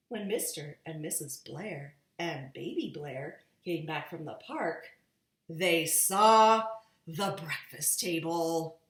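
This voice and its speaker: A woman's voice: low-pitched, slow pace, roomy sound. A woman reading picture books aloud to her nieces, playfully giving each character its own voice. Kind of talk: children's story read-aloud.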